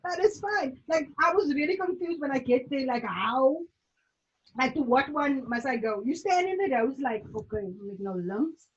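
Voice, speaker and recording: A South African woman talks in a rambling, easygoing way, her sentences full of "like." Her voice sits fairly high. The audio comes through a dull, lo-fi video call line. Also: expressive, normal speed. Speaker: guest. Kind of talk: casual chat.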